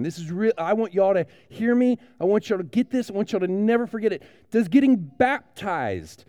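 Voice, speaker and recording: A young adult man, a pastor telling a playful story to children during a sermon, with lively, direct questions to the kids. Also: high voice, dry recording.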